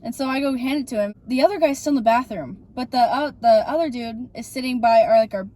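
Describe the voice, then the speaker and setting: A woman's voice: on the high side, fast talker, warm tone. A young woman co-hosting a casual chat, telling a rambling work story. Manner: chatty, rambling with fillers. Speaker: podcast co-host.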